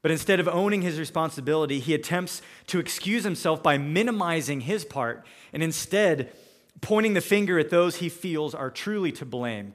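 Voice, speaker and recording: A man's voice: fairly high pitch, expressive, moderate pace, long reverb tail. A man preaching a sermon, walking through scripture verse by verse and voicing the characters in his own paraphrases. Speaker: pastor.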